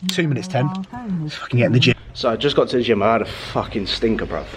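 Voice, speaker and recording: A man's voice: mid-range voice, animated, fast talker, a crowd in the background. A man chatting casually and profanely, vlogging as a fitness coach from a parked car. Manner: profane, blokey banter. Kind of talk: casual vlog chat.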